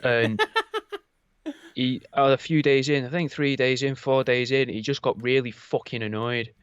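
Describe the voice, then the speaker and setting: A man's voice: medium pitch, sing-song, a little slow, smooth, dry recording, dull audio. A young adult man, a podcast co-host animatedly telling a story with plenty of swearing. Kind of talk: casual chat.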